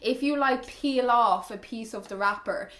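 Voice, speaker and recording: A young woman from Ireland chatting to camera. Her voice sits a little high, and she talks in a sassy, incredulous way full of "like". The room gives her voice a noticeable echo. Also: measured pace. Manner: animated, incredulous, sassy, with lots of "like". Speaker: vlogger. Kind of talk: chatty sponsored review and reading viewer confessions. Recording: echoey room.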